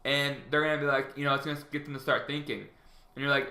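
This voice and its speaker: Man, casual vlogger, bright forceful tone, rambling delivery full of fillers and restarts, echoey room. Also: a little high, fast. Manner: rambling, many fillers and restarts, acts out phone dialogue. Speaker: vlogger giving sales tips. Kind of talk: casual advice vlog.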